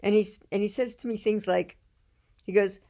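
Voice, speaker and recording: A woman's voice: medium pitch, steady tone, moderate pace, warm tone. A woman casually telling anecdotes in a chatty, rambling way, often restarting her sentences. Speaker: storyteller.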